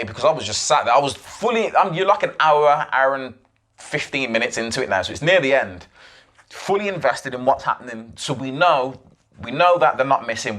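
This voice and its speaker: A man's voice: mid-range voice, a bit bright. A young man hosting his own podcast, retelling events at length in an emphatic, rambling way with frequent restarts and asides. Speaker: podcast host. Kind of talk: solo podcast monologue.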